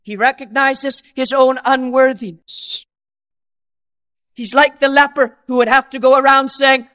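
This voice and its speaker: A man preaching a sermon in an earnest, dramatic way, dropping to soft low asides and rising for quoted voices. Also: little pitch movement, unhurried.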